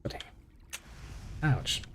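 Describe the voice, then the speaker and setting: A man's voice: slow, a bit bright. A man giving sarcastic, muttered commentary while playing a game, swearing freely. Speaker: gameplay commentator. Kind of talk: casual gameplay commentary.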